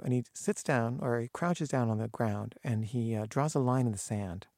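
A man tells a personal story in a loose, halting way, often pausing on fillers and restarting his sentences. His voice sits at an ordinary middle pitch. The sound is close and dry, with no room echo. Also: mellow. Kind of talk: personal anecdote told to camera.

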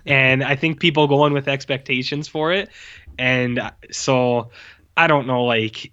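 Casual male podcast host, rambling and laid-back, bright edge, lo-fi recording. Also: mid-range voice, unhurried. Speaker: podcast host reviewing movies. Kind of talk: casual chat.

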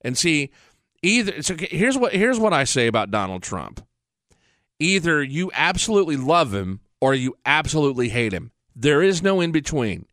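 A man's voice: on the high side, sing-song, normal speed, fairly bright tone, dry recording, clean studio sound. Blunt, profane male podcast host ranting. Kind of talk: casual ranting monologue. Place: professional studio.

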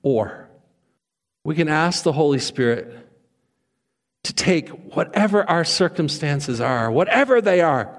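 A man preaching a sermon as pastor, animated and conversational, acting out quoted voices with humor. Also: very high voice. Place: church sanctuary. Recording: reverberant church hall.

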